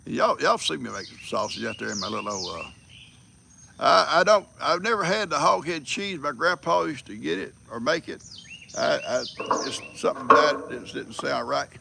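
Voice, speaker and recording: A man's voice: mid-range voice, animated, moderate pace, long pauses, pushed and bright, slight background noise. An older man, chatting casually on a livestream, a folksy storyteller who rambles and chuckles. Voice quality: gravelly. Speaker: livestream host.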